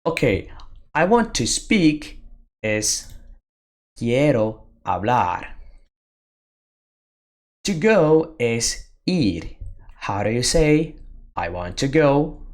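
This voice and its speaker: A teacher giving a beginner Spanish lesson, drilling words and phrases slowly with pauses for the listener to repeat. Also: medium pitch, sing-song. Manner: slow, deliberate drilling with pauses for repetition. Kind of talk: slow beginner language lesson.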